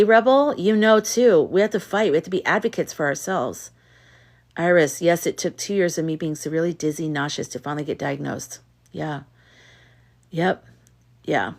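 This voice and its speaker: Candid woman chatting on a livestream. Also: sits low. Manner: candid storyteller who reads chat comments aloud; outspoken and exasperated in anecdotes. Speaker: livestream host. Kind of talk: casual live chat with viewers.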